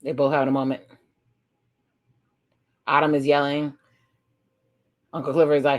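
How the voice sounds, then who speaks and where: A woman's voice: low voice, level tone, moderate pace, long pauses. A woman talking casually through a TV episode, retelling scenes and reacting with exclamations. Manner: chatty, narrates scenes aloud with exclamations. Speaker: reaction video host.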